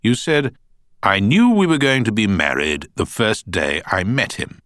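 A cool trial barrister, read by a male narrator pressing a witness with measured, pointed questions. The voice sits low but moves a good deal in pitch. The recording is dry and close. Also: huge pitch swings, fairly bright tone, dry recording, full character voice. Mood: probing. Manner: measured, pointed cross-examining. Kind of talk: audiobook character voice.

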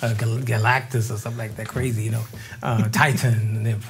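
An older man from New Orleans, a drummer and interview guest, telling stories in a relaxed, animated way, acting out the voices of people he quotes. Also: fairly low pitch, fast talker, slight background noise. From New Orleans, Louisiana. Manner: animated storyteller, acts out quoted voices, laughs often. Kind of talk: casual interview storytelling.

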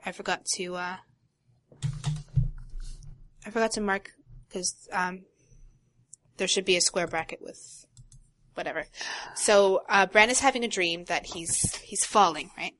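A woman co-hosting a casual talk show, reading a long passage from a novel aloud and breaking off for quiet asides. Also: mid-range voice, unhurried, pauses often, a little hiss or hum. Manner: reads prose steadily, drops to quiet asides. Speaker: podcast co-host.

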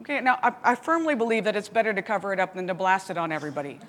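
A woman teaching a Bible study, telling a story with lively laughs and asides. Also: mid-range voice, racing. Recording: long hall reverb.

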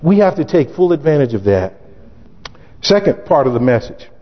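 High-voiced preacher in an echoey hall. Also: male voice, very animated, normal speed. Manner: emphatic, acts out scripture in character voices, sometimes shouting. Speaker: pastor. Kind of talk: sermon. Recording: dull lo-fi recording in echoey hall.

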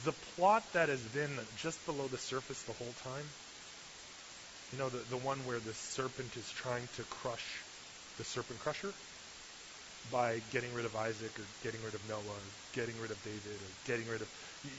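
A man preaching a sermon as pastor, retelling a story in a lively way and asking the listeners questions. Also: mid-range voice, a little fast. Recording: slightly dull recording with faint hiss.

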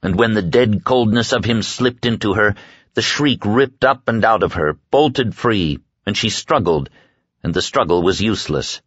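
Deep-voiced male audiobook narrator. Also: slightly rough, no echo. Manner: measured, steady reading. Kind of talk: scripted narration. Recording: dull, dry lo-fi audio.

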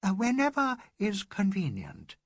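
A man voicing an earnest, flustered young Englishwoman, pitched high and drawn out, in a storybook reading. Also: huge pitch swings, a little slow, fairly bright tone, no room sound, studio quality, heavily acted. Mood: eager.

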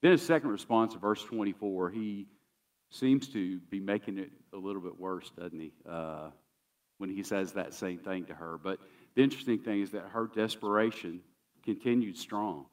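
A man's voice: low voice, moderate pace, darkish tone, far from the mic. A man pastor preaching a sermon in a conversational, emphatic way, often repeating key phrases.

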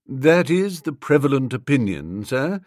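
Guy doing a stiff polite valet, calm and formal, lively pitch at times. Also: no room sound, clean studio sound. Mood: deferential. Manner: formal, measured, unflappable. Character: grave, deferential male valet, middle-aged.

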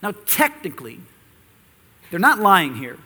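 A man's voice: sits high, huge pitch swings, measured pace, bright, forceful tone, breathy edge, big-room sound. A man preaching an expository sermon, reading scripture and teaching earnestly, with rhetorical questions to the congregation. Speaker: pastor.

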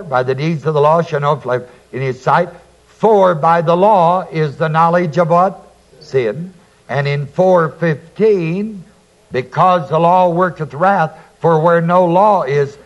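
This preacher's fairly high voice comes through with its upper frequencies cut off. He moves deliberately through scripture verse by verse, reading aloud, explaining, and prompting his audience to fill in important words.

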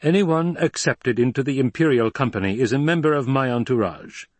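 Male narrator as a disdainful emperor, haughty, husky. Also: mid-range voice, a little fast, no room sound, voice pushed up, natural voice.

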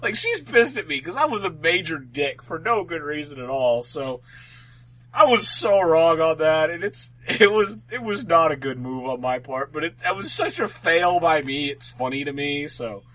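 A man's voice: a little high, animated, normal speed, fairly bright tone, rough recording. A man co-hosting a podcast, telling a rambling, profane, self-mocking story in casual chat. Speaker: podcast co-host.

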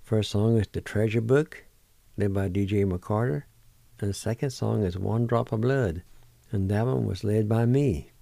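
Slow, gravelly man teaching words. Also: on the low side, mellow, dry recording. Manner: spells words letter by letter, repeats them slowly. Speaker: radio host teaching words. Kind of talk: slow word-by-word language lesson.

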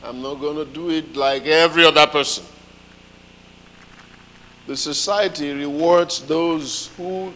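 A man preaching a sermon, telling a story with lively comic voices. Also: a little high, measured pace, pauses often, in a large hall, rough recording.

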